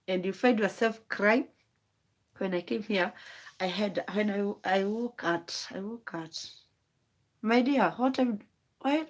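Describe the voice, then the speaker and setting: A rambling woman. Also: mid-range voice. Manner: rambling, emotional, wandering thoughts. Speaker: vlogger. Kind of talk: late-night live stream monologue.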